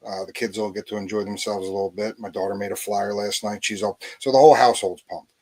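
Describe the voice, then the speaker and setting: A man co-hosting a casual sports podcast, eager and nervously excited, talking in long runs. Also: lowish voice, fast, rough recording. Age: adult. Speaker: podcast co-host.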